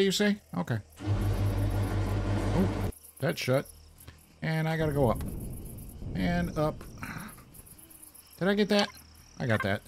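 Guy narrating his game run, chatty, talks to himself, pitch all over the place. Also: gravelly, background noise. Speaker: gameplay commentator. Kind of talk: casual let's play commentary.

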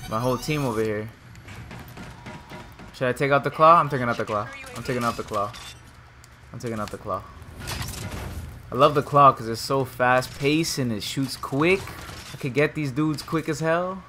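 A young man giving casual, trash-talking commentary while he plays a shooter game, and he jumps up to shouting when things go wrong. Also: mid-range voice, over music. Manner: trash-talking, excitable, quick swings to shouting. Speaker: gameplay streamer. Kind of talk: casual live commentary over gameplay.

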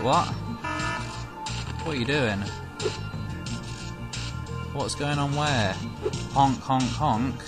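Man, let's play commentary, slow, slightly high, playful, self-mocking, game music loud.

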